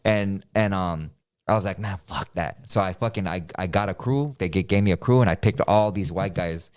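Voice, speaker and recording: A man's voice: low voice, fairly quick, darkish tone, clean tone. A man in casual chat, telling a story full of profanity and acted-out quotes.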